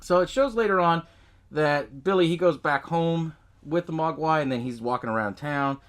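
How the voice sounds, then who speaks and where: A man with a fairly bright, somewhat high voice hosts a podcast at a moderate pace. He recaps a movie loosely and profanely, laughing frequently as he goes.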